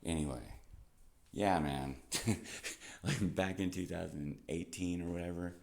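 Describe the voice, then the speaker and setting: A man's voice: low voice, unhurried, vocal fry, darkish tone. A young man talking to camera in a rambling, casual monologue, laughing often and swearing freely. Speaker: vlogger.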